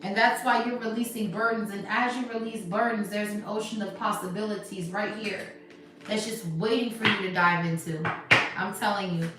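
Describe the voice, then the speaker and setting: A woman doing a live tarot reading in casual, slangy chat, talking emphatically and sometimes dropping to a soft hush. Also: medium pitch, moderate pace. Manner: animated, emphatic, swings to soft hushed stretches. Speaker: tarot reader. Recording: echoey room, voice distant from mic, music behind. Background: background music.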